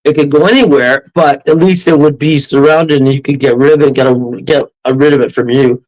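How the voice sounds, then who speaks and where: A man quoting an urgent spirit clearer. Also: medium pitch, steady tone, fairly quick, a little mellow, pitched below the performer's own voice, lightly acted, rough recording. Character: urgent woman spirit clearer, grave and insistent.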